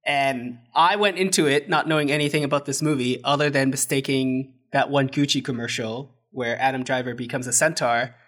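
A man's voice: mid-range voice, steady tone, a little fast, hardly any pauses, fairly bright tone. A man co-hosting a casual movie review chat, sarcastic and often laughing. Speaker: podcast co-host.

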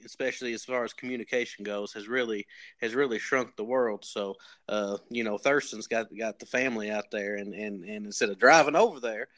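A man with a Kentucky accent on a comedy podcast, posing as an expert and rambling folksily through deadpan tall tales with many restarts. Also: lowish voice, brisk.

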